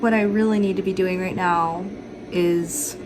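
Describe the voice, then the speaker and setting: A woman chatting casually in a book vlog, gushing and excitable, sometimes dropping to a whisper. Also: lowish voice, a little slow, noisy background. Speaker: book vlogger.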